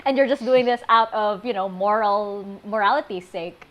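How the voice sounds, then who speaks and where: A woman co-hosting a casual recap chat, lively and laughing, trailing off as she thinks aloud. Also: medium pitch, moderate pace. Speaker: podcast co-host.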